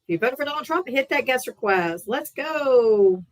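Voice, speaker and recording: In a high-pitched, expressive voice at normal speed, a woman hosts a live political debate stream. Her rant is casual, profane, sarcastic and heated.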